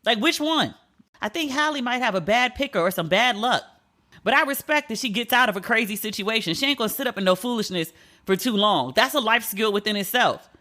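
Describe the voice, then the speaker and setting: A woman's voice: a little high, lively intonation, a little fast, pushed and bright. A woman hosting her own podcast, talking on her own in a candid, chatty way and swearing freely. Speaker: podcast host. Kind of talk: casual solo podcast chat.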